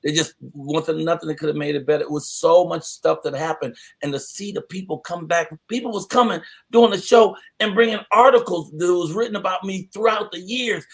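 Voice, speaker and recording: A man hosting a morning talk show, talking in an animated, folksy, preacherly way. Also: high voice, brisk, few pauses. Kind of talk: casual talk show chat.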